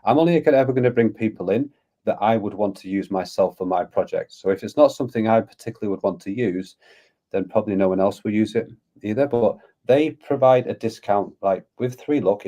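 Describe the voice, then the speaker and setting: A man with a warm, lowish voice talks a little fast as a podcast guest, a crypto community founder chatting casually. He comes across as eager and rambling, going on at length.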